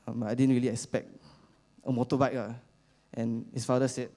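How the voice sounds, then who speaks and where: Young Singaporean man, mid-pitched, casual rambling church talk full of fillers. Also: level tone, warm tone. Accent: Singaporean English. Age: young adult. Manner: halting, many fillers, chatty with slang particles. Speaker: youth speaker at church. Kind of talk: casual storytelling sermon.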